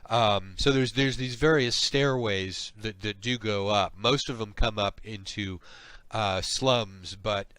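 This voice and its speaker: Halting male game master, dry sound. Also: on the low side, a bit bright, clear, resonant tone, dry recording. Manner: halting, full of ums and restarts. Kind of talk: narrating a tabletop game.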